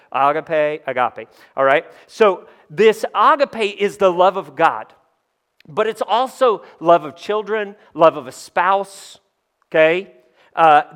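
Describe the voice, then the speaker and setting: A man's voice: a little high, a bit bright, smooth. A man preaching in a church, talking casually with the congregation and joking about himself. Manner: conversational, asks the room "right?" often; self-deprecating humor. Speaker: pastor. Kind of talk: sermon.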